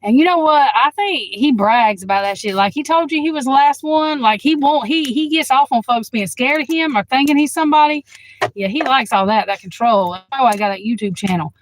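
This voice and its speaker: A woman tarot reader chatting casually to her livestream viewers, blunt and outspoken, swearing freely and quick to flare up at the chat. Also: sits high, lively intonation, slight background noise, rough recording.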